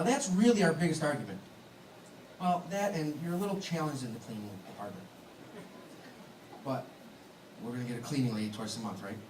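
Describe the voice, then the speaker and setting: A man's voice: mid-range voice, darkish tone, recorded from a distance. A man giving a wedding toast as the groom, joking and teasing with laughs. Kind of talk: wedding speech. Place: large banquet hall. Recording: echoey hall, mic heard from afar, background noise.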